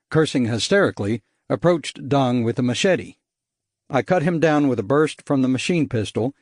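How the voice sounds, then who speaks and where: A man reads a first-person adventure audiobook at a middle pitch. His delivery is lively, and his pitch rises and falls freely. The recording is dry and close to the mic. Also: no room sound. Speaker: audiobook narrator. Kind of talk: scripted narration.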